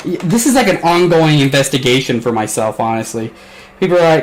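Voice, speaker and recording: A man's voice: mid-range voice, expressive, normal speed, a little hiss or hum, poor audio. A young man from the Midwest, hosting a casual podcast chat, rambling along with lots of swearing and laughter. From American Midwest. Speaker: podcast host.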